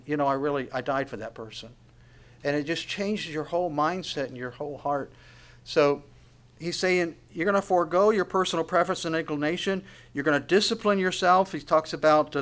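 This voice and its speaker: A middle-aged man preaching a sermon, earnest and emphatic. His voice sits a little higher than most men's. He often restarts his sentences and acts out the quotes in his text.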